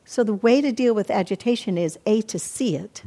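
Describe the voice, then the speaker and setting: An older woman teaching meditation in a calm, reflective dharma talk, often acting out her own inner self-talk. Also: medium pitch, brisk. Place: meditation hall.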